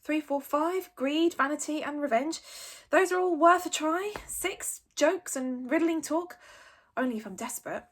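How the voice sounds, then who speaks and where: A woman's voice: high-pitched, unhurried, a bit bright, voice pushed up. A woman voicing an anxious, patient young Viking boy who pleads and reasons with his dragon, in a storybook reading. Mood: reasoning.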